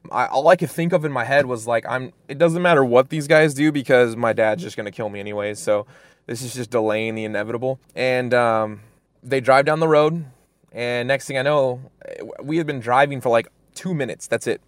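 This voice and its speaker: A man's voice: medium pitch, brisk. Young guy from fresno telling a story, lots of likes and ums, dry sound, no room echo. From Fresno, California. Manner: rambling, many fillers and restarts. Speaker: guest storyteller. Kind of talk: casual personal storytelling.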